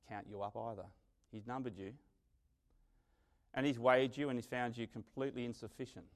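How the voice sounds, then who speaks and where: A man preaching a sermon, telling stories with dramatic swings from loud to quiet. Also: mid-range voice. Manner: animated storytelling, dramatic swings in loudness.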